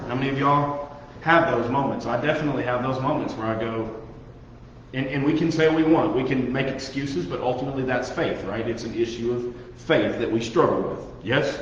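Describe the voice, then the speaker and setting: Here a youth pastor, a young man, runs an informal Bible lesson, chatting with his audience, asking them questions, and cracking self-deprecating jokes. His voice is mid-range and a little fast. There's a faint hiss or hum, and the sound is muffled with the echo of a large hall.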